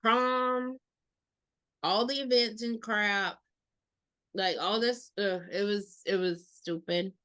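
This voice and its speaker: A woman, co-hosting a casual podcast, sassy and expressive. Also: mid-range voice, takes it slowly, pauses often. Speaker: podcast co-host. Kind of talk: casual chat.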